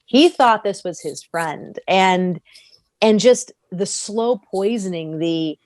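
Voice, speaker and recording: A woman talking casually on a podcast, animated and laughing often as she breaks down a character. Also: medium pitch, slow pace, no echo. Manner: animated, laughs often, acts out quoted voices. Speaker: podcast co-host. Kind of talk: casual fan discussion.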